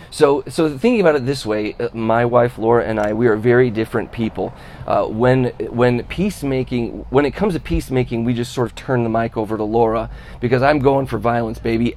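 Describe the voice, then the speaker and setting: A man's voice: medium pitch, darkish tone, a little hiss or hum. A man preaching a sermon as pastor, talking conversationally, asking rhetorical questions and calling out to the congregation. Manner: calls out to the congregation for response.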